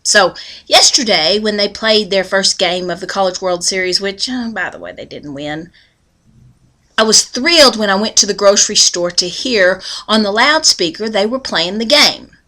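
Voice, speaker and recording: A woman's voice: medium pitch, moderate pace, bright, forceful tone. A woman giving a devotional talk that mixes folksy storytelling with earnest preaching. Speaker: devotional speaker.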